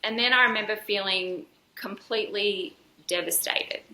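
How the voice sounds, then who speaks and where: A woman's voice: medium pitch, normal speed, pushed and bright, reverberant, poor audio. A woman, a podcast guest, telling a personal story candidly and earnestly, with frequent fillers and restarts. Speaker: podcast guest, dance school founder.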